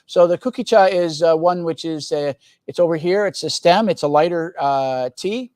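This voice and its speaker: A man's voice: fairly high pitch, moderate pace, a little mellow, dry recording, low-quality recording. A man hosting a casual live stream about teas, talking in a loose, rambling way with many fillers and joking asides. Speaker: tea company host.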